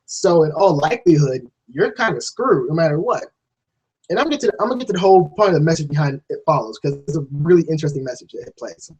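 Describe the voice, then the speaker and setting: A man giving a casual, rambling spoken film review, swearing freely and restarting sentences, often jumping into a high, excited voice to act out scenes. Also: fast talker, husky, rough recording. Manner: jumps to high excited voice when acting out scenes.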